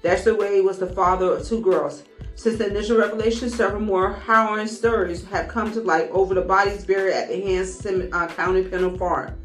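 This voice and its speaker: A woman hosting a commentary show, reading a news story haltingly and breaking off to vent her anger. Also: mid-range voice, steady tone. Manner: reads haltingly with stumbles, breaks off to vent angrily. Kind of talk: casual commentary over a news article. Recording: echoey room with faint music.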